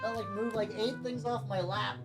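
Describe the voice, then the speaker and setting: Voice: mid-range voice, steady tone, moderate pace. A streamer from the United States chatting casually while painting miniatures, rambling and swearing often. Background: faint background music.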